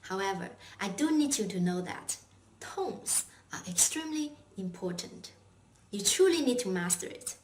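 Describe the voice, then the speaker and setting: A woman's voice: mid-range voice, lively intonation, normal speed, recorded from a distance. A woman teaching a language lesson, patient and encouraging, asking questions and praising the learner. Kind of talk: slow, clear language lesson with drills. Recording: echoey room, voice set back from mic, faint noise.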